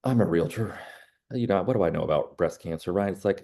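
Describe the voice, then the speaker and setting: Man, middle-aged, low voice, mellow tone, casual storytelling, lots of fillers. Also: fairly quick, creaky. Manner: conversational, many "you know" fillers. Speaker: realtor. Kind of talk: training talk with personal stories.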